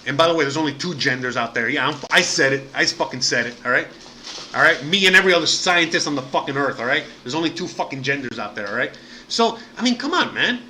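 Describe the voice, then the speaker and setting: Guy going off on a profane rant to his stream, high and sharp, super heated. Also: a little hiss or hum. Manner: heated, profane and outraged, with frequent fillers. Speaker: live-stream host. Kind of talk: casual ranting monologue to viewers.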